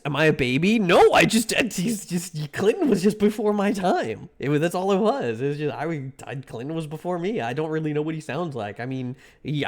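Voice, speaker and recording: A young man streaming live, chatting casually with his viewers, rambling, joking and swearing freely. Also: fairly high pitch. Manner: rambling, excitable, swears a lot, jokes to chat.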